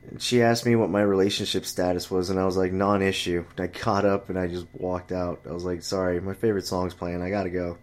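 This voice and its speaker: Speaking a little fast with few pauses and a level tone, a man tells an exasperated, swear-heavy story about friends and dating. To imitate chatty friends and women, he pushes his voice up high.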